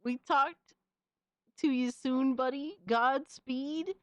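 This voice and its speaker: A woman's voice: high-pitched, takes it slowly, dry recording, studio quality. A young woman streamer reacting casually to fan images, slangy and exclamatory, often laughing.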